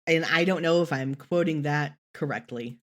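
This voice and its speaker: A woman co-hosting a casual podcast, talking in a rambling, animated way and swearing casually. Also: deep voice, normal speed. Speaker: podcast co-host.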